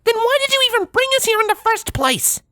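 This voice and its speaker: A man's voice: very high voice, big pitch swings, brisk, sharp tone, no room sound, clean studio sound, pitched above the performer's own voice, heavily acted. A man voicing an anxious, earnest young female pony scholar in a fanfiction reading, eager and pleading. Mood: demanding.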